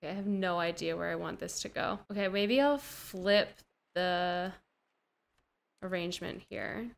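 Young female gamer, slow unhurried delivery, gasps and gushes over every find, slangy self-talk. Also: lowish voice, vocal fry. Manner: gushing, easily delighted, gasping often; slang-heavy, talks to herself while playing. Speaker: gaming streamer. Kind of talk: casual gameplay commentary.

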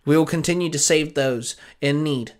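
A man playing a bold young firefighter hero from a storybook reading, calling out urgently in a raised, higher voice. brave and earnest, always pushing forward. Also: moderate pace, lightly acted.

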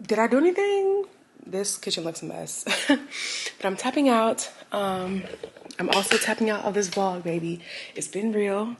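A woman's voice: medium pitch, lively intonation, moderate pace, background noise. A young woman vlogging casually, often laughing and exclaiming in disbelief. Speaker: lifestyle vlogger. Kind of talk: casual vlog chat.

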